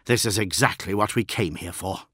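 A man reading aloud, voicing an angry, tense male warrior officer who snaps loudly. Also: fairly low pitch, brisk, no echo, studio quality. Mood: eager. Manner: snapping, loud outbursts.

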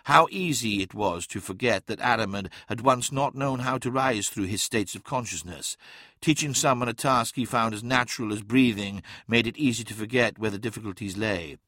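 A male narrator reading fiction aloud in a steady, dramatic manner. His voice is bright and crisp, and the recording is dry and close, with no room sound. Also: lowish voice, moderate pace, no echo. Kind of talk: audiobook narration.

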